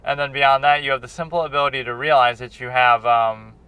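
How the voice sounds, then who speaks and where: A man's voice: medium pitch, level tone, brisk, pushed and bright, clean tone. A man and film critic chatting in a rambling, casual vlog, often restarting his sentences, recorded on a handheld recorder outdoors. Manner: meandering, many restarts and fillers.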